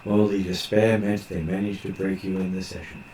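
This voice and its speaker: A man with a somewhat low voice runs a tabletop game as its game master. He talks haltingly, filling gaps with drawn-out pauses. His voice rings around an echoey room over a faint background hiss. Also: flat delivery, darkish tone. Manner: halting, many filler pauses.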